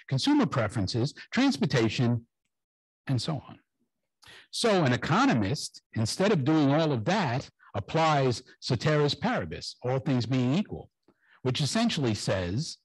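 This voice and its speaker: A male pastor delivers a sermon in a church, his voice slightly husky and swinging widely up and down in pitch. He keeps it conversational, tossing joking asides to the congregation. The sound is close and dry, with little room echo. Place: church sanctuary.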